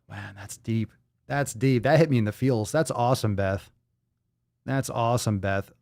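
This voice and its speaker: A man's voice: medium pitch, measured pace, creaky, a little mellow, no room sound, studio quality. Profane, hyped-up male podcast host. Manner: loose and profane, swinging between hype and mumbling. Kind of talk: casual livestream chat reading viewer posts.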